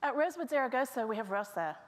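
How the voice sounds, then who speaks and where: A woman's voice: on the high side, lively intonation, quick pace. A woman speaking to her colleagues at a staff meeting, telling the stories of coworkers one by one in a storytelling manner. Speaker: staff member presenting to colleagues.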